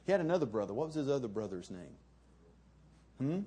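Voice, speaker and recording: A middle-aged pastor with a drawl preaches in a folksy, conversational manner, spinning stories for his congregation. His voice is mellow and warm, with a husky edge. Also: mid-range voice, sing-song, fast talker. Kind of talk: sermon with folksy storytelling.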